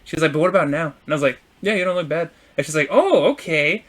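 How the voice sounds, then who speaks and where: A man's voice: on the high side, quick pace. A young man co-hosting a casual podcast, telling a delivery story with lots of acted-out dialogue and frequent laughs. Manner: animated storytelling, acts out dialogue, laughs often. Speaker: podcast co-host.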